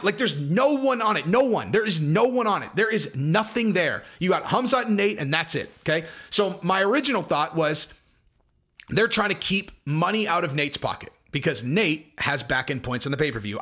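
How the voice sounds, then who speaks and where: A man hosting his own channel, giving fast, emphatic commentary that repeats its points and keeps checking in with "okay?". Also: a little high, expressive, fairly bright tone, husky. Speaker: channel host.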